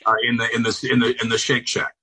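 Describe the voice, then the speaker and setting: A man on a video call from home, chatting as a talk show guest, halting and restarting often, with dry sardonic humor. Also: medium pitch, completely flat delivery, bright, forceful tone, slightly rough, low-quality recording. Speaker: celebrity guest. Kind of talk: casual interview chat. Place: home on Long Island.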